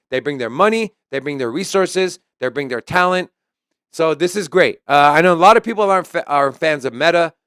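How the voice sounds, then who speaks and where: A man co-hosts a crypto news stream, reading articles aloud and adding his own commentary. His voice is smooth and resonant. The sound is dry and close, with no room echo. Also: fairly high pitch, a bit bright. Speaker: co-host. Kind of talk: casual crypto news chat.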